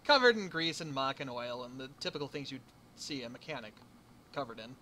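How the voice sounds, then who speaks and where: A man's voice: medium pitch, lively intonation, brisk, pushed and bright, a little hiss or hum. A man narrating as game master in a tabletop game, casual and a little hesitant.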